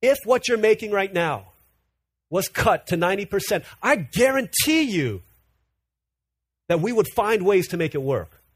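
A man preaching a sermon in an animated way, often repeating words as he builds a point. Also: sits high, a little slow, pauses often, slightly rough, dry recording. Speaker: pastor.

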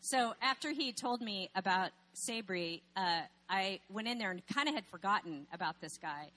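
A woman's voice: medium pitch, animated, normal speed, sharp tone, slight background noise. Woman telling a story in a sermon.

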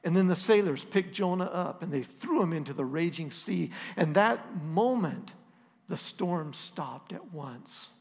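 Middle-aged man, pastor, storytelling sermon, self-deprecating, slightly high voice, church hall with long reverb.

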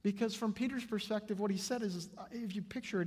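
A man preaching from the front of a church, his slightly high voice carrying a husky grain. He tells his stories with animation and acts out the people in them, and a long reverb hangs behind every line as it fills the hall. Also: fast, few pauses. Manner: lively storytelling, acts out the people in his anecdotes. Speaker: pastor. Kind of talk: sermon. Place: church sanctuary before a congregation.

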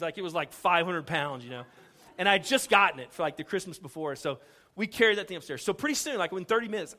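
A middle-aged pastor from Houston, Texas, with a fairly high-pitched and sharp voice, shares a story in his sermon. He voices the dialogue aloud and jokes at his own expense.

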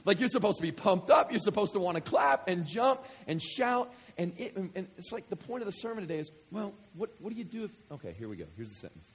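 A man from West Kentucky preaching a sermon, joking with the congregation and swinging from quiet scripture reading to loud excitement. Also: sits high, fast talker, few pauses, husky. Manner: animated, jokey, swings between quiet reading and loud enthusiasm. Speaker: pastor.

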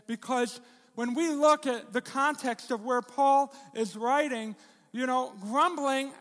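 A middle-aged man preaching a sermon, his voice sitting high for a man. He talks to the congregation in a conversational, joking way, firing rhetorical questions at them. A long reverb trails off his words, the sound of a church hall. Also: a bit bright. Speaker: pastor.

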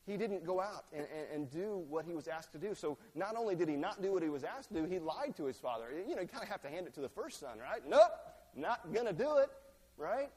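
A man's voice: on the high side, expressive, fast talker, hardly any pauses, a little mellow, husky. A man pastor giving a conversational sermon in a church, acting out quoted lines. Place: church sanctuary. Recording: long reverb of a large church.

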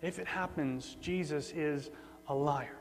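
A man gives a sermon in a fairly high voice, talking plainly and repeating words to drive a point home. His voice rings out with a long hall reverb, and a faint mains hum sits underneath. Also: a little slow. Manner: conversational, repeats words for emphasis. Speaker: preacher.

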